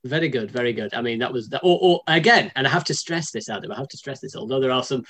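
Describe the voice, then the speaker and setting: A man's voice: mid-range voice, animated, fast talker, a bit bright. A man from the north of England co-hosting a casual podcast, rambling and joking and often correcting himself. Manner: rambling, self-correcting, jokey. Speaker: podcast co-host.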